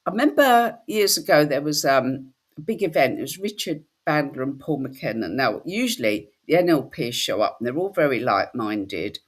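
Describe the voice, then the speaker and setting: Woman host, husky voice, very lively pitch, chatty storyteller. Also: normal speed. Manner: animated storytelling, slips into quoted voices. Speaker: spiritual workshop host. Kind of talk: casual chat.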